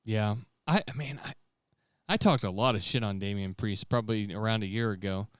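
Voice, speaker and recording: A man's voice: lowish voice, a little fast, clear, resonant tone, no room sound, clean studio sound. A man co-hosting a podcast in casual chat, loose and joking, swearing freely. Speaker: podcast co-host.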